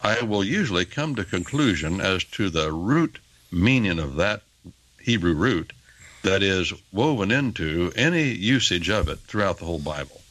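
Speaking at a moderate pace in a low-pitched voice, an older man gives on-air Bible teaching as a radio talk show guest. He lectures emphatically and animatedly, with rising stresses. The audio is poor, with no room sound.

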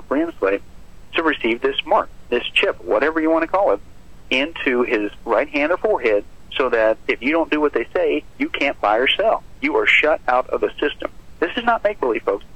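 A pastor preaching urgent, emphatic warnings about the end times on a radio talk program. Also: male voice, medium pitch, slightly rough, no echo. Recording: muffled lo-fi broadcast audio.

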